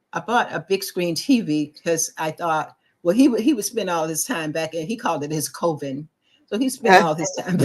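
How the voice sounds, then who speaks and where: A middle-aged woman co-hosting a talk show, telling a personal story in casual chat and acting out the voices of people she quotes. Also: on the low side. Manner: animated storyteller, acts out quoted voices, restarts often.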